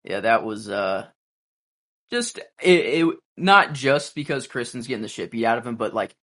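A man casually discussing a TV episode with his co-host, musing in a relaxed, halting way. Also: medium pitch. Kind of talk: casual show recap chat.

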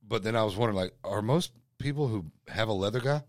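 A man's voice: fairly low pitch, quick pace, dry recording, clean studio sound. A talkative man, co-hosting a podcast and teasing his guest. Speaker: podcast co-host. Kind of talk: casual podcast chat.

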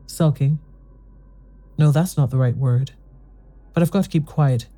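A narrator voicing a weary, unhappy husband who answers quietly and steadily. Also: mid-range voice, unhurried, soft background music, lightly acted. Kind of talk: audiobook dialogue reading.

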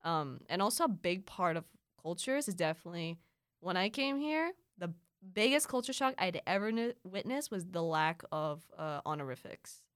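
A woman's voice: on the low side, expressive, fairly bright tone, dry recording, clean studio sound. A young woman from the Philippines whose first language is Filipino, chatting casually and playfully as a guest. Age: young adult. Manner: chatty, quick asides and playful voices. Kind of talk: casual chat.

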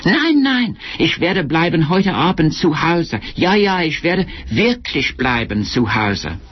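A man's voice: fairly high pitch, big pitch swings, slow pace, voice pushed up, exaggerated voice. A man putting on a gushing young actress. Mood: cooing. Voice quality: gushing, theatrical and breathy-sweet. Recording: lo-fi recording with faint hiss.

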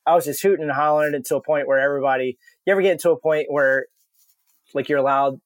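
A man's voice: a little high, steady tone, quick pace, no echo. A man telling a casual story as a podcast guest, rambling and profane, with many fillers and laughs.

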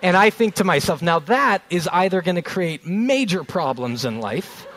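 A man in his thirties preaching a sermon, earnest, slowing down on key phrases and telling family stories along the way. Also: high-pitched, lively intonation, a bit bright, poor audio. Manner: storytelling with family anecdotes. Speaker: pastor.

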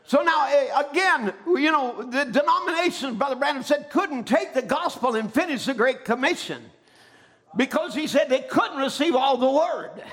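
A man preaching with an unusually high, bright and forceful voice. He swings between quieter explanation and shouted, rising emphasis, calling for amens along the way. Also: expressive, normal speed. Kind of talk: sermon.

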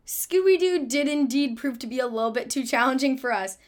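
A woman's voice: sits high, expressive, fairly quick. A young woman hosting a casual show, giggly and self-deprecating. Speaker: podcast host. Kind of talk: casual chat and narration.

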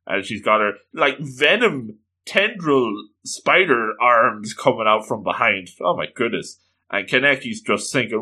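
A man reading a comic book aloud, with animated, laughing comic asides and exclamations. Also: mid-range voice, a little slow. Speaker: reader and commentator. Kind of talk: comedic comic-book read-along.

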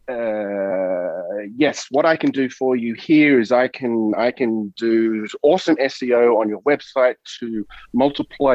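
A man's voice: medium pitch, no echo. A man with a middle-range voice asks his question hesitantly, restarting often as he thinks aloud. His audio is muffled and lo-fi, with a completely dry sound. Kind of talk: casual conversation.

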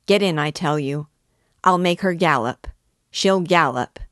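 A drunken, cruel peasant man bellows his words in a storybook reading, as a woman narrator puts him on. The voice stays low and unhurried under the shouting, recorded dry and close. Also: no echo. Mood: shouting drunkenly. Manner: shouting, louder and a bit higher than her narration. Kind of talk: audiobook reading.

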